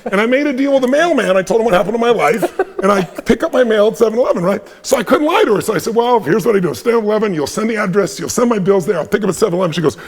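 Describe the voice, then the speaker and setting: Raspy, gravelly fast-talking man in his fifties. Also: high-pitched. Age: 50s. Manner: animated, intense storyteller acting out dialogue. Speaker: guest speaker. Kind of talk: live webinar storytelling.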